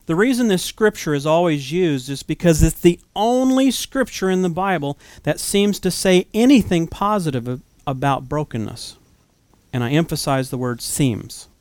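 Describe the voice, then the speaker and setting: A man preaching an earnest sermon in a smooth, clear voice that sits a little high for a man. He keeps it conversational and puts rhetorical questions to his listeners. The sound is close and dry, with no room around it. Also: normal speed, a little mellow, no room sound.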